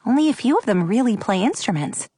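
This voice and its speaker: A woman's voice: on the high side, very animated, fast talker, warm tone, slightly rough, no echo, studio quality. A woman voicing a sensible, logical teenage girl who speaks in a matter-of-fact way. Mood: doubtful.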